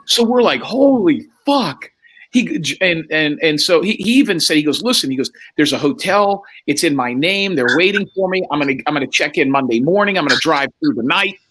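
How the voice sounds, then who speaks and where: A man's voice: a little high, animated, a little fast, few pauses, a bit bright, low-quality recording. A man telling a wild story in a casual chat, acting out the other people's lines and swearing freely. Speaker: podcast guest.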